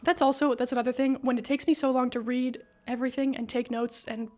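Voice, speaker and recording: A woman's voice: sits high, flat delivery, fairly quick, a little mellow. A woman casually recapping a story for her video, slangy and profane, talking into a broken microphone in a room. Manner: slangy and profane, says bruh and brother. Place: indoor room with a whiteboard.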